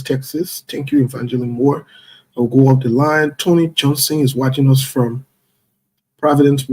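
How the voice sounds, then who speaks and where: Husky man hosting a live stream. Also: mid-range voice. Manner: playful, chuckling, shout-outs to viewers. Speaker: livestream host. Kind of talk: casual live-stream chat, reading out viewers.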